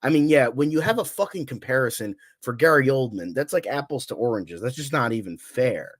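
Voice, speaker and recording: A man's voice: medium pitch, lively intonation, a little fast, no room sound. A sick, nasal-sounding man reviewing a movie on a panel, blunt and profane as he rants. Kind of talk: casual chat.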